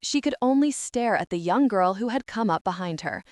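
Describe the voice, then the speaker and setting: A woman narrating a novel as an audiobook reader, in even, expressive storytelling. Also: medium pitch, normal speed, dry recording. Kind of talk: scripted narration.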